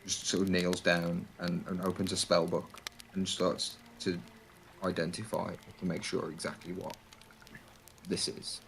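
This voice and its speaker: A man's voice: low voice, flat delivery, unhurried, creaky, fairly bright tone, slight background noise, rough recording. A man narrating a tabletop game as game master, in a loose, descriptive way with many fillers.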